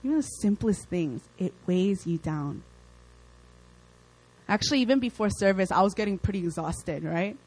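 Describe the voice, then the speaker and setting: A young woman preaching a casual, lively sermon, with chatty asides and playful acted quotes. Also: mid-range voice, moderate pace, husky, poor audio.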